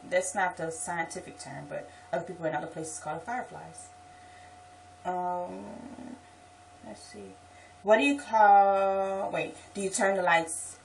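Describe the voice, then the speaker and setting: A woman's voice: medium pitch, lively intonation, a little slow, creaky, a little mellow, far from the mic, a little hiss or hum, poor audio. A woman with a New Orleans accent chatting casually in a vlog, explaining things with asides and restarts. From Southeast Louisiana. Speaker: vlogger.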